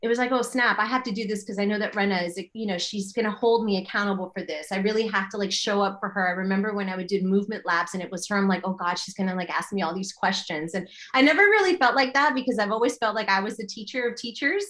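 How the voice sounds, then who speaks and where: Animated middle-aged woman telling stories. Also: medium pitch, fast, few pauses. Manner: animated storytelling with quoted inner thoughts. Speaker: interview guest, yoga teacher. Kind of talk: casual interview chat.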